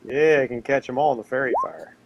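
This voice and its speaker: A man's voice: medium pitch, fairly even intonation, quick pace, background noise. A man playing a tabletop game, joking with the table and laughing easily. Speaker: player.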